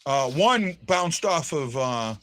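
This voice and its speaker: An excitable man hosts a fan show, talking through a live hockey game in a rambling, restart-filled way. His voice sits a little high and comes across bright and forceful. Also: slow pace. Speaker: fan podcast host. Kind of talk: casual live hockey commentary.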